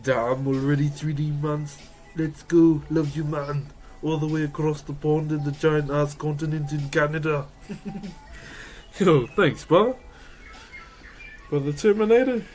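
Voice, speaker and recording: A man's voice: fairly high pitch, fairly even intonation, unhurried, a little mellow, faint music behind. A man chatting casually on a live stream while woodcarving, laughing often and greeting viewers. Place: carving workshop.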